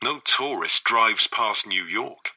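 A man with an English accent reading an audiobook in a slow, breathy, suggestive way. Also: lowish voice, expressive, bright, forceful tone, low-quality recording. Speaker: audiobook narrator. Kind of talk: scripted audiobook narration.

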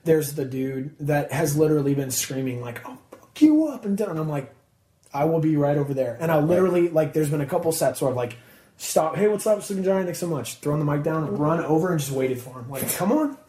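A man telling stories casually in an interview, animated and acting out what people said. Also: fairly high pitch, fairly quick, echoey room. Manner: animated, acts out quotes, many fillers. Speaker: guest musician.

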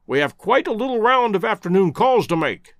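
A man voicing a keen, brilliant male detective who reasons aloud in brisk steps. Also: sits high, sing-song, no room sound, studio quality. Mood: eager.

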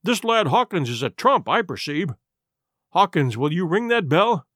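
Hot-headed old squire, played by a male narrator: loud, exclamatory, lively pitch swings. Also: moderate pace, dry recording, clean studio sound, heavily acted. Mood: hearty. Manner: exclamatory, blustering.

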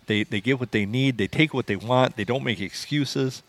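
A man's voice: medium pitch, moderate pace. A man co-hosting a podcast, telling rambling stories in a wry, casual way. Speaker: podcast co-host.

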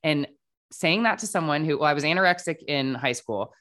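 Low-voiced chatty woman telling her story. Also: lively intonation, a little fast, a bit bright. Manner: chatty, frequent "like" fillers, acts out quoted dialogue. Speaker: podcast guest, author. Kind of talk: casual conversational storytelling.

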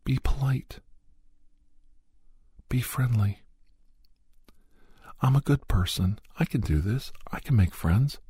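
Breathy half-whispering man. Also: medium pitch, animated, slow pace, long pauses, no echo, clean studio sound. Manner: soft, repetitive, earnest self-talk. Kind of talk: spoken self-affirmations.

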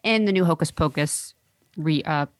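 Low-voiced woman podcast co-host. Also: normal speed, dry recording, clean studio sound. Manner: chatty, laughing, hesitant fillers. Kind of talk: casual chat.

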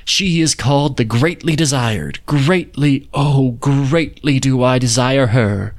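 A man reading a storybook, voicing a boyish young male god who is earnest, hopeful and gently stubborn. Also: medium pitch, slow. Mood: pleading.

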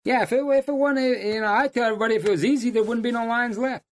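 An older man, telling hunting stories in a folksy, animated way. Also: very high voice, fast. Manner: folksy, animated storyteller who laughs at his own stories. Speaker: lion hunting guide. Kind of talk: casual storytelling.

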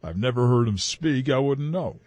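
A man's voice: mid-range voice, expressive, normal speed, a little mellow, dry recording. A man co-hosting a radio talk show, chatting in a laid-back way. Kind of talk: casual chat.

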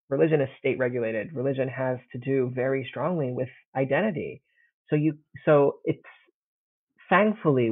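A man's voice: medium pitch, no echo. A man co-hosting a casual podcast, talking through ancient history in a rambling, self-deprecating way with many restarts. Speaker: podcast co-host, classics scholar. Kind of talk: casual academic chat. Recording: tinny phone-like line, dry.

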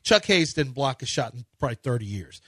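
A man's voice: medium pitch, sing-song, brisk, sharp tone, slightly rough, no echo, studio quality. A man hosting a sports talk radio show, rambling and opinionated with emphatic points.

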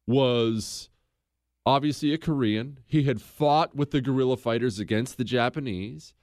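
A man's voice: medium pitch, measured pace, no room sound, clean studio sound. A man hosting a casual history podcast, telling events with sarcastic asides and acting out quoted lines. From United States. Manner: sarcastic, animated, acts out quotes. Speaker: podcast host.

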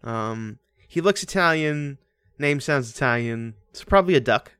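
A man co-hosting a casual podcast, rattling on about a movie with jokey asides and laughter. His voice sits at an ordinary middle pitch and sounds close and dry, with no room around it. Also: lively intonation, bright, forceful tone, clean tone, no room sound. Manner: chatty, jokey, laughs often, quick asides. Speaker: podcast co-host.

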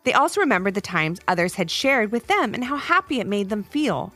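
A woman narrating a children's story podcast in an expressive read-aloud manner. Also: mid-range voice, fairly quick.

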